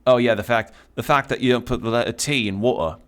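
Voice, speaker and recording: A man's voice: mid-range voice, fast, clear, resonant tone. A young man streaming a video game, chatting casually and rambling, swearing often as he plays. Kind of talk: casual let's-play commentary.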